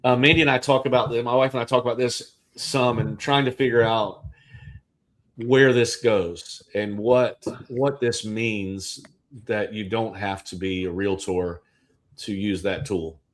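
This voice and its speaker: A man's voice: lowish voice, steady tone, a little slow. Man hosting a real estate chat. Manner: conversational, thinks aloud with restarts. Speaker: real estate agent and livestream host. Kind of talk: casual livestream discussion.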